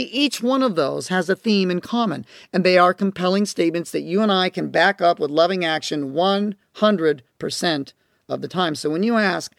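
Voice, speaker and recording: A man's voice: sits high, creaky, dry recording, studio quality. A man teaching parents as a coach, talking emphatically and repeating his key phrases. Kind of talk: instructional talk to parents.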